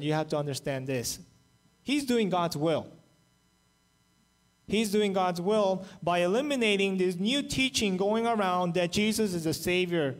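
High-voiced man preaching a sermon. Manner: animated storytelling, acts out quoted voices. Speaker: pastor. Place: church, online service.

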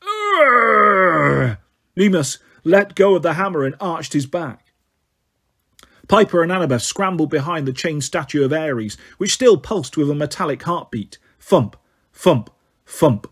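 A male narrator reads a fantasy story as an audiobook, keeping a steady storytelling pace that runs a little slow. His voice is husky and slightly high. He moves the action along plainly.

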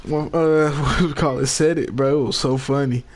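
A young man gaming with friends, reacting to their stories slowly and laughing often. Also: medium pitch, steady tone. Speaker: gamer. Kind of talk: casual chat while gaming.

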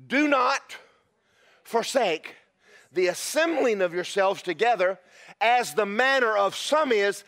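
A man preaching a sermon as pastor, animated and breaking into shouted praise. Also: very high-pitched.

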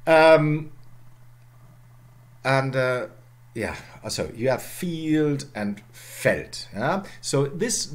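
Lecturer, male, lively up-and-down delivery, repeats key words. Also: medium pitch, slow. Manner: animated, repeats words and adds "yeah?" often. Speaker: university lecturer. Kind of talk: university lecture.

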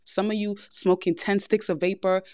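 A young woman with a New York accent talks straight to her listeners like a frank older sister, and her podcast advice comes across blunt and unvarnished. Her voice sits at a middle pitch. It is recorded close and dry, with no room echo. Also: fairly even intonation, moderate pace, darkish tone. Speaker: podcast host. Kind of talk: casual advice monologue.

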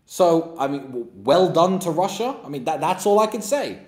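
A livestream host with a fairly high, lively voice delivers a blunt, emphatic monologue full of mockery and strong opinions. He talks at a normal speed with few pauses, and the room gives off a noticeable echo.

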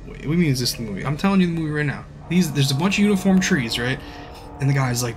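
A man streaming casually, rambling through a profane movie recap and acting out scenes in hushed asides. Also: on the high side, expressive, rapid-fire, faint music behind.

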